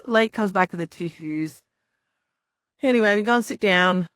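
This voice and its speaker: A woman's voice: mid-range voice, moderate pace, a bit bright, no echo, studio quality. A young woman on a podcast, telling her story in a rambling, casual way full of "like" and quoted asides.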